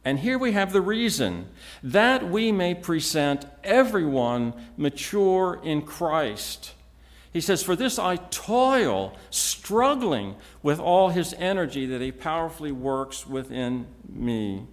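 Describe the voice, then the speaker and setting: A man preaching an expository sermon, teaching in a measured, emphatic way with frequent restarts. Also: a little high, sing-song.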